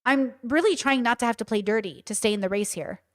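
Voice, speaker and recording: Woman with a somewhat high voice for a casual livestream; blunt, animated and emphatic delivery. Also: fast. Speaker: livestream commentator. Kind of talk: casual livestream storytelling and commentary.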